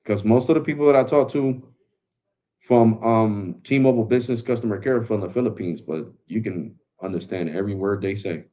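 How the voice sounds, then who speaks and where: Laid-back low-voiced man saying bro. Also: brisk, warm tone. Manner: laid-back, slangy, calls viewers bro. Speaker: tech live stream host. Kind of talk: casual live stream talk. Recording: dull lo-fi sound.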